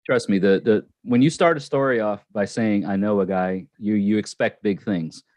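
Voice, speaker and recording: A man's voice: fairly low pitch, moderate pace, a little mellow, no room sound. Rambling, dry-voiced man telling a story. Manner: rambling storyteller, many restarts and fillers. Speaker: channel host. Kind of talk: casual live-stream chat.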